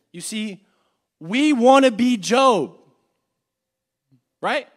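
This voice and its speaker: Earnest young man preaching, swinging loud and hushed. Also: very high voice, expressive, drawn-out words. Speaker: church class teacher. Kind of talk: sermon. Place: church classroom.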